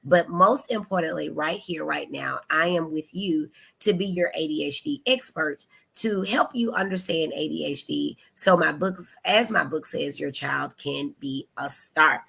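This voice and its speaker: A woman hosting a live-stream talk show from a studio, animated and chatty as she greets viewers by name. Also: sits low, unhurried, gravelly, hardly any pauses, slightly rough. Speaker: host.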